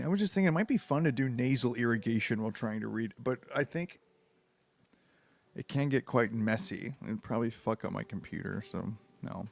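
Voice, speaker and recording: A man's voice: medium pitch, gravelly, a little mellow, no room sound. A man with a head cold reading a book aloud, breaking off into crude, bewildered, self-mocking asides. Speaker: book reader. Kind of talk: comedic reading with rambling asides.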